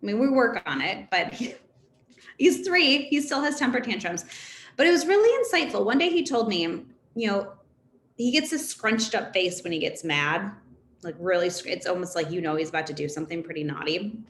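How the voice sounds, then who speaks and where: Woman in her 30s, therapist chatting to a parent group, animated and casual, roomy echo. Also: mid-range voice, a little fast. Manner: conversational and animated, laughs between points. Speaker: therapist speaking to a parent council. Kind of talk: informal presentation. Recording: echoey room with faint background noise.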